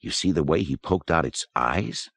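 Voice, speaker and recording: A man's voice: rumbling low, lively intonation, normal speed, gravelly, fairly bright tone, husky, heavily acted. A man reading the part of a crude young man who teases his friend with profane jokes. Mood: teasing. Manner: profane, teasing. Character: crude joking young man exploring ruins.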